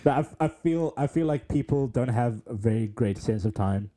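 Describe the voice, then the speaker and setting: A man's voice: mid-range voice, expressive, normal speed, dark tone. A young man co-hosting a podcast, rambling through casual chat with lots of fillers. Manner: rambling, filler-heavy, laughs easily. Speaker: podcast co-host.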